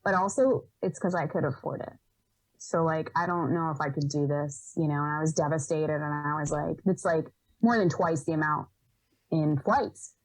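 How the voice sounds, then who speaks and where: A young woman from Rhode Island telling stories as a podcast guest, animated, laughing often and acting out what people said. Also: low-pitched, moderate pace, dry recording, poor audio. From Rhode Island, USA. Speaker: podcast guest, environmental educator. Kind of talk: casual storytelling in an interview.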